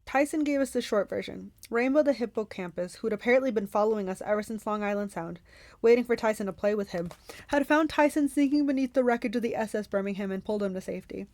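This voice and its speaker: A woman hosting a book club, reading a novel aloud expressively with quick self-corrections. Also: mid-range voice, darkish tone, no room sound.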